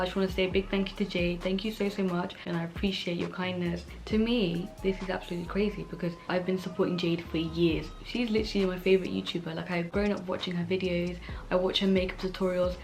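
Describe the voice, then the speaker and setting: A young woman talking as a beauty vlogger in a casual chat from home, gushing and excitable. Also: on the low side.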